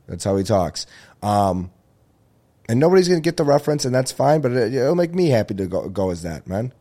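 A man's voice: fairly low pitch, mellow. A young man hosting his own podcast, rambling in casual solo chat, easily distracted and swearing freely. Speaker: podcast host.

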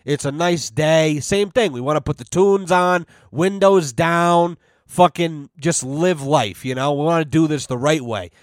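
A man's voice: fairly high pitch, a little slow, no room sound. Profane, rambling young man, dry close sound. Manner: loose, rambling, heavy profanity, constant "you know". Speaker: podcast host. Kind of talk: casual storytelling monologue.

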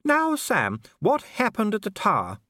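A man voicing a refined, kindly noblewoman who coaxes her husband gently and practically. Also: sits high, wildly swooping pitch, a little slow, no echo, clean studio sound, pitched above the performer's own voice, heavily acted. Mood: brisk, concerned. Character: refined, kindly noblewoman, middle-aged wife.

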